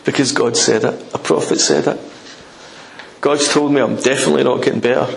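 A man's voice: medium pitch, steady tone, a little fast, creaky. A man preaching an informal sermon in a conversational, emphatic way, acting out scripture scenes. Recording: echoey room with faint noise.

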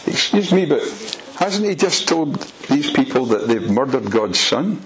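A man's voice: medium pitch, big pitch swings, unhurried, rough recording. A man preaches a sermon in an emphatic voice. He presses his points with pointed rhetorical questions.

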